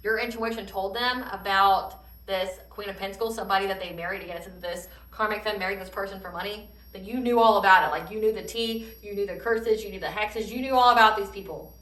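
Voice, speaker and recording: A woman giving a casual tarot reading in an animated way, swearing freely and laughing often. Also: medium pitch, quick pace, few pauses, roomy sound, distant mic, rough recording. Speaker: tarot reader.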